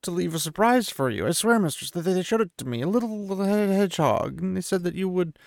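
A man's voice: high voice, expressive, fast talker, gravelly, no room sound, clean studio sound, voice pushed up. A man voicing a frightened, fat male innkeeper who stammers and pleads, in a retold fantasy story.

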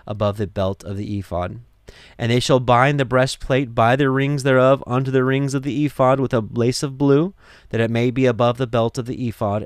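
A man's voice: mid-range voice, clean tone, no room sound, clean studio sound. A man reading scripture aloud and explaining it in an earnest, conversational way, full of restarts and asides to the listener. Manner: earnest, conversational, many restarts and "you know". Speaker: Torah teacher. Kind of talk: scripture reading with sermon-like commentary.

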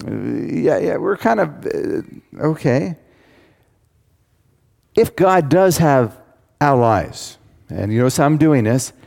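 A man's voice: medium pitch, creaky, darkish tone. Guy preaching a bible study, chatty, keeps checking in with the crowd, big echoey hall. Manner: conversational, asides to the audience. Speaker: pastor teaching a Bible study. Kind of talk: sermon-style Bible teaching. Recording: long hall reverb.

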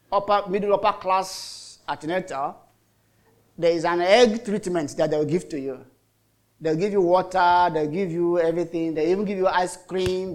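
A middle-aged Nigerian man preaching a sermon as a pastor, telling stories in a chatty way with lots of repetition. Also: high-pitched. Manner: chatty storytelling with repetitions and mock voices.

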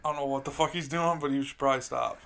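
A man's voice: medium pitch, fairly even intonation, rapid-fire, gravelly, very noisy. A young man hosting a casual gaming chat with a friend, swearing freely and laughing as he tells stories. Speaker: podcast host.

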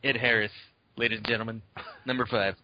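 A man's voice: on the low side, flat delivery, a little fast. Jokey man over a noisy lo-fi line. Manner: jokey, tosses in quips and mock voices. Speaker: podcast co-host. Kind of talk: casual podcast chat. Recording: lo-fi sound with clear background noise.

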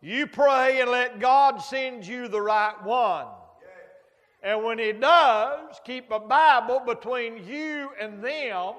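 A man's voice: very high voice, fairly bright tone. A man preaching a folksy sermon, telling stories with sound effects and humor as a traveling preacher. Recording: long hall reverb.

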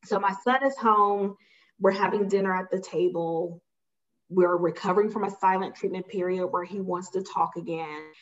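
A woman's voice: lowish voice, fairly even intonation, normal speed. A woman guest telling a personal story in a casual, emphatic way, acting out the dialogue she recalls. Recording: slightly muffled audio.

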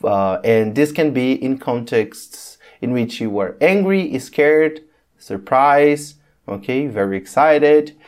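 An English teacher hosts a casual lesson, explaining patiently, checking in with "okay?" and pausing on many ums. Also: mid-range voice, lively intonation, darkish tone. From Brazil. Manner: patient, repeats "okay?" often.

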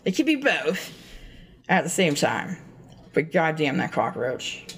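A woman's voice: deep voice, sing-song, measured pace, slightly rough. A woman co-hosting a podcast, telling a rambling, profane story in casual chat. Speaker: podcast co-host.

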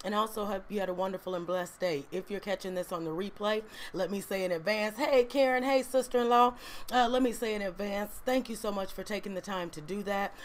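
A woman's voice: mid-range voice, fairly quick, a little hiss or hum. A woman hosting a faith-based livestream, chatty and encouraging, often tagging "right?" onto her sentences. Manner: chatty and encouraging, peppered with "right?" and "you know". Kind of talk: casual inspirational talk to a live audience.

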